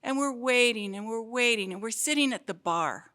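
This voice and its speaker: A woman's voice: fairly high pitch, moderate pace. A woman casually telling a personal anecdote to an audience at a live storytelling event, with hesitant starts and a chatty manner. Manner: relaxed, conversational, hesitant starts.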